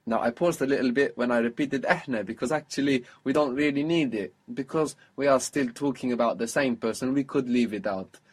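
A man leads a spoken language lesson with a patient, encouraging manner. His voice has a slight husky edge at an ordinary middle pitch. He asks questions, waits for answers and repeats phrases slowly. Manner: patient, prompting questions, slow model phrases. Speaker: language teacher.

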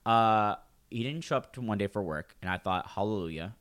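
A man's voice: lowish voice, moderate pace, clean tone. A man in casual chat, telling a long work story with lots of acted-out quotes and swearing. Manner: animated storytelling, swears freely, acts out coworkers' lines.

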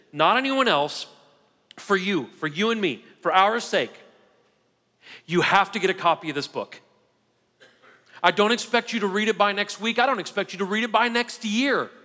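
A man's voice: high voice, fairly bright tone, big-room sound. A male pastor delivering an emphatic sermon, repeating key phrases and calling the congregation "guys". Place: church sanctuary.

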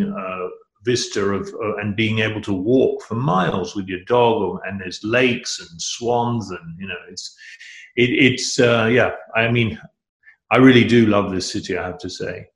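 Middle-aged man, interview guest, rambling, enthusiastic, fairly low voice, echoey room. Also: a little slow. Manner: rambling, restarts often, enthusiastic. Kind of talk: casual interview chat.

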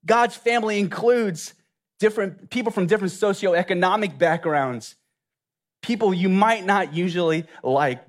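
A man from Louisiana, preaching an earnest sermon and asking the listeners many reflective questions. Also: high voice. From Louisiana, USA. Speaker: pastor.

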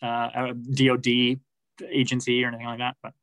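A man's voice: medium pitch, monotone, fairly quick, fairly bright tone, dry recording, low-quality recording. A man answering interview questions about his reporting, thoughtful, with many restarts and fillers. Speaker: podcast reporter, guest.

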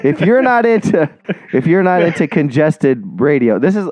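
Stuffed-up man cohosting, lively pitch. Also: normal speed, no echo. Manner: joking, teasing. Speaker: podcast co-host. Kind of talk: casual banter.

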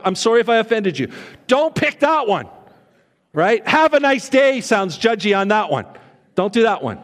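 High-voiced pastor preaching in a hall. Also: male voice. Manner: animated, acts out quoted voices, conversational humor. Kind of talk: sermon. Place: church sanctuary. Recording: reverberant church hall.

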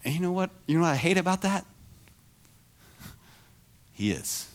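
A middle-aged man preaching a sermon as pastor, animated and self-deprecating, moving from quiet confession to near shouting. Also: sits high, moderate pace.

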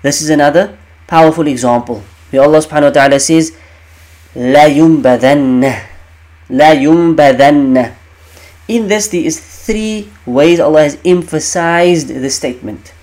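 A man's voice: a little high, a little fast, a little mellow. A man teaching the meaning of Quranic verses in an emphatic way, repeating key phrases and asking rhetorical questions.

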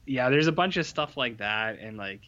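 A man's voice: mid-range voice, expressive, normal speed, fairly bright tone, highs cut off. A man co-hosting a podcast in casual chat, rambling and sardonic, full of fillers and restarts. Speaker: podcast co-host.

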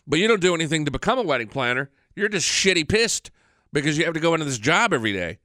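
A man hosting a podcast, talking in a rambling, frank casual monologue, congested and clearing his throat from allergies. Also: on the high side, big pitch swings, quick pace, pushed and bright, dry recording, studio quality. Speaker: podcast host. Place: studio.

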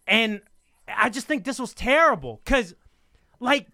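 A man hosting a casual wrestling talk show, animated and emphatic, often repeating himself as he makes his point. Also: very high-pitched, measured pace, no room sound. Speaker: host.

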